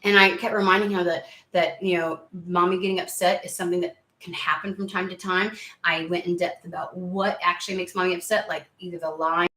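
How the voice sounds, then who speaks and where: A tarot reader in her thirties who hosts a channel chats casually to camera, rambling through a story with lots of fillers and restarts. Her voice is bright and forward, fairly low in pitch, flat in delivery and fairly quick. The room sounds echoey.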